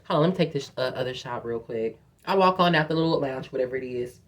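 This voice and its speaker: A young woman tells a story in a casual vlog. She is animated and profane, and she acts out quotes in a higher voice. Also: quick pace. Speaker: vlogger telling a story.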